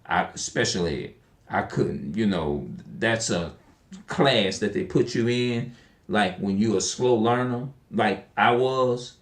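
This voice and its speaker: A man's voice: fairly low pitch, takes it slowly. A man talking casually into his camera in a slangy, rambling way, often repeating himself and now and then reading scripture aloud. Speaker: video creator. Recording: echoey room.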